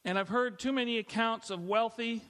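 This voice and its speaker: A man's voice: extremely high pitch, normal speed, a bit bright. A middle-aged man preaching a sermon as pastor, in a conversational way with frequent restarts and light laughs. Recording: long hall reverb.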